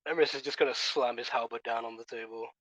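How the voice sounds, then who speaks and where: A man's voice: mid-range voice, steady tone, fast, fairly bright tone, rough recording. A man playing a tabletop game, talking casually in a laid-back way. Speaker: player.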